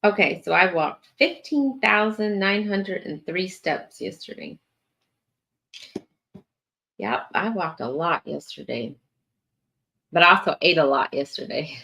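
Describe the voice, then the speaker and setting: This woman sounds a bit low, with lively intonation, a creaky quality, and a sharp edge. Tired and hosting her morning stream, she chats casually with viewers, drawing things out with plenty of fillers and yawns.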